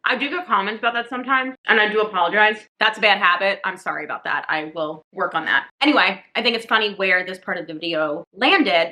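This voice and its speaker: A woman's voice: mid-range voice, bright, forceful tone. A young woman talking casually as a fitness vlogger, chatty and full of "like" fillers. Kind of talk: casual vlog talk.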